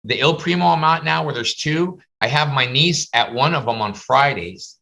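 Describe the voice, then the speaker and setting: A man's voice: fairly high pitch, normal speed, gravelly, sharp tone. A man teaching a class over a video call, chatty and full of stories. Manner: chatty, storytelling, slips into comic voices. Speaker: face painting instructor.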